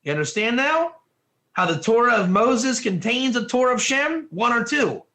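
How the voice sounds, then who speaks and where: An emphatic man leads an online Torah class with a high, bright voice, pressing his listeners with question after question. He talks like a teacher driving his point home to a live audience. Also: sing-song, moderate pace.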